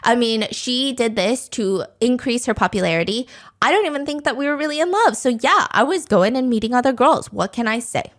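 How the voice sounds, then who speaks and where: Give me an indignant young man, put on by a woman who brushes off blame in a slightly high voice. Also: lively intonation, a little fast, close to an everyday voice. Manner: indignant, dismissive. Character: defensive young man blaming his ex.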